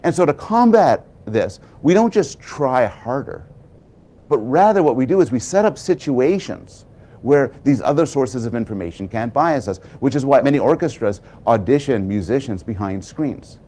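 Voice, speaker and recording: A man gives a prepared public talk with a lively, widely swinging pitch. He tells stories with dramatic pauses and builds each point toward a conclusion. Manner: animated storytelling with dramatic pauses. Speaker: public speaker.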